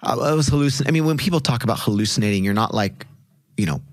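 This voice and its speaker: A man's voice: mid-range voice, lively intonation, quick pace, dry recording. A man in his thirties, a podcast guest, talking in an earnest, reflective way with lots of fillers and restarts. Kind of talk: casual interview talk.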